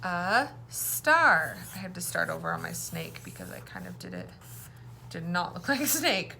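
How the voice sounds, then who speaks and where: A woman teaching an early-reading phonics lesson, speaking slowly and clearly and prompting children to repeat words after her. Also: lowish voice, big pitch swings, sharp tone, a little hiss or hum. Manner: slow, clear, encouraging teacher talk with call-and-response prompts.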